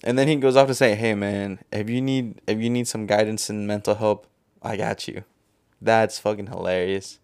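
A man with a smooth, clear voice recorded close and dry, talking casually on a podcast. He retells the story in relaxed slang, breaking into laughs as he goes. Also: fairly low pitch, moderate pace, no room sound. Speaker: podcast co-host. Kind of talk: casual chat.

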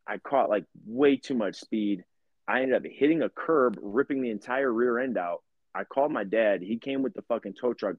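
A man's voice: on the low side, no room sound, highs cut off. A young man co-hosting a podcast, telling rambling, profane stories in casual chat. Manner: profane, rambling, animated storyteller. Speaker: podcast co-host.

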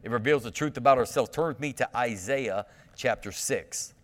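A man's voice: medium pitch, normal speed, big-room sound. A pastor preaching a sermon in a conversational way, asking the congregation questions and often restarting his sentences.

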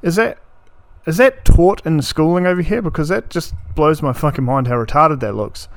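A man's voice: fairly high pitch, moderate pace, vocal fry, dry recording. A man in his thirties, from New Zealand, hosting a solo podcast in a blunt, sweary, ranting way. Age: 30s. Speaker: podcast host.

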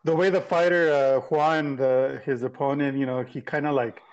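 A man's voice: mid-range voice, steady tone, moderate pace, dull audio. A man co-hosting a podcast, chatting casually with many fillers and restarts. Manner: hesitant, filler-heavy commentary. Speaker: podcast co-host. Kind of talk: casual chat.

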